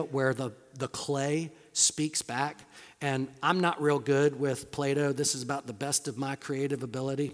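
A middle-aged male pastor preaching a sermon in a conversational style, firing rhetorical questions and moving between emphatic points and hushed asides. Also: mid-range voice. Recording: long reverb of a large hall.

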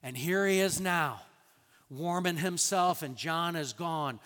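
A man preaching a sermon as a pastor, animated, acting out quoted lines with sudden loud bursts and soft drops. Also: on the high side, takes it slowly, in a large hall.

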